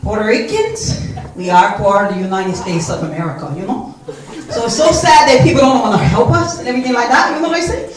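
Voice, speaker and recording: A woman's voice: lively intonation, brisk, a crowd in the background, natural voice. Woman doing a brash young Puerto Rican club-goer. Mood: chatty. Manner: lower and softer, street talk with constant "you know". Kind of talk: one-woman stage comedy. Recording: echoey stage from far off.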